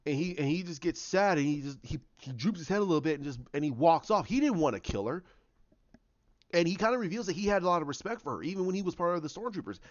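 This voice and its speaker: A man with a somewhat high voice rambles through a casual retelling and stops often to find his words. The recording is dry and a little muffled. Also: lively intonation, no room sound. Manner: rambling, halting storyteller. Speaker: YouTuber.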